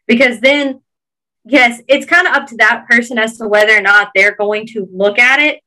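Woman, Georgia Southern accent, earnest and encouraging, higher voice, bright tone. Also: moderate pace, poor audio. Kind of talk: casual podcast chat.

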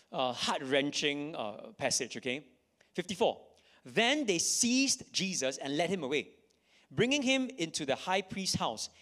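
A man's voice: high voice, fairly bright tone. A man preaching a sermon to a live audience, reading scripture dramatically and repeating key lines for emphasis. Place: church in front of an audience.

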